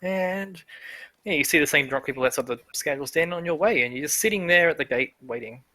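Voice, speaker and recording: A man's voice: a little high, expressive, brisk, sharp tone. A man narrating as game master of a tabletop game, chatty, with many fillers.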